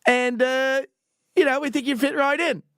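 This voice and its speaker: A man's voice: very high voice, fairly even intonation, moderate pace, fairly bright tone, smooth, no room sound, clean studio sound, voice pushed up. An older man voicing a cheerful Australian man who calls with a job offer, chummy and breezy. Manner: breezy, chummy, says mate a lot.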